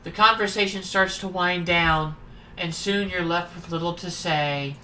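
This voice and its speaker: A streamer reads the narration of a horror dating game at a steady pace, mixing in wry, irreverent remarks. The voice is bright and clear. Faint background ambience stays under it throughout. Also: medium pitch, measured pace, a little hiss or hum, poor audio. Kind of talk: playing a dating sim, reading narration and commenting.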